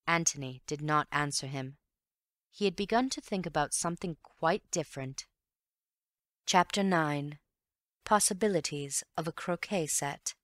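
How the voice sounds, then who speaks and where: Low-voiced woman narrating an audiobook. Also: a little slow, fairly bright tone, dry recording, clean studio sound. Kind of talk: scripted narration.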